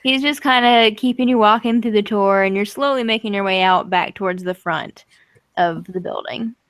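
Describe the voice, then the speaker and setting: A woman's voice: mid-range voice, moderate pace, fairly bright tone, no room sound. A woman runs a tabletop game in a loose, chatty way, full of fillers. Her voice sits in the middle range, recorded close and dry. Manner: casual, chatty narration with fillers. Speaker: game master.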